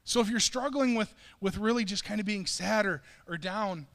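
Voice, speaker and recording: Pastor guy preaching in church, fairly high voice, chatty and self-deprecating, long echoey reverb. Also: normal speed, fairly bright tone. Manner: conversational, self-deprecating, repeats and restarts words. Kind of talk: sermon. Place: church sanctuary.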